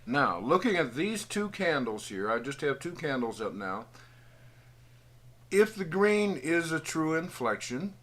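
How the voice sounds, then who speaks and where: A man's voice: on the high side, a bit bright. A man giving a folksy, patient trading tutorial over a screen recording, thinking aloud as he draws on charts. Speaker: trading educator.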